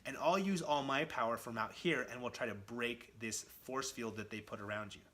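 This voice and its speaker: An arrogant male warlord from a comic book talks his way out of trouble, as a man retelling the story puts him on. The voice stays in an everyday middle register. It is bright and a little tense, and the lines come as casual paraphrase. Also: medium pitch, moderate pace, close to an everyday voice. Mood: scheming.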